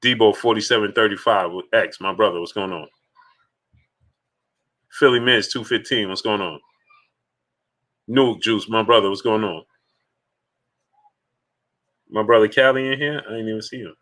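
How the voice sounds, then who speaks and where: A man's voice: on the low side, moderate pace, pauses often, a bit bright. A man hosting a live sports stream in a casual, emphatic way, repeating his points and greeting viewers in the chat one by one.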